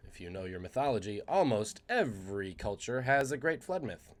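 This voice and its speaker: A man's voice: lowish voice, big pitch swings, moderate pace, hardly any pauses, faint music behind. Punning man hosting a trivia stream. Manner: jokey, punning, reads chat aloud. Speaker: trivia quiz host.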